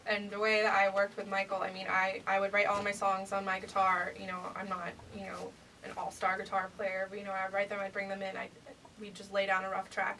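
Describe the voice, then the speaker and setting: A woman's voice: medium pitch, monotone, a little fast, pushed and bright, far from the mic, a little hiss or hum, rough recording. A young woman singer-songwriter, a guest on a radio show, talking casually and giggling, with lots of "like" and "you know". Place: radio studio.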